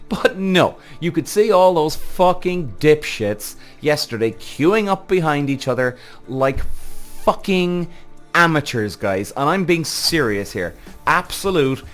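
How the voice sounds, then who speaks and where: Ranting podcast host, lively pitch. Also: male voice. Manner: heated, ranting, profane. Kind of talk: casual opinionated commentary.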